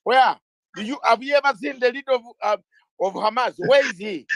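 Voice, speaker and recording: A man with a high, tenor-ish voice talks politics in an impassioned, emphatic way. He drives home his points with hammering rhetorical questions and at times breaks into a shout. The sound is close and dry, with almost no room around it. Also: quick pace, dry recording, poor audio. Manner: repeats words when starting out. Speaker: interview guest, lawyer.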